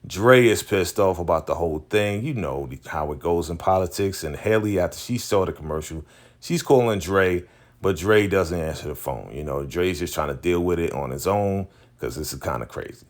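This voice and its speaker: A man recapping a TV episode in casual chat, retelling it in an animated way with slang and lots of fillers. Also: sits low, normal speed. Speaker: TV recap host.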